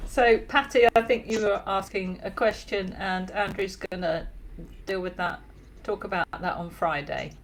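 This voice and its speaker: A woman's voice: medium pitch, unhurried, background noise. A woman co-hosting a casual live-stream chat, relaying viewer questions in a chatty manner and laughing often. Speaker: co-host, moderator.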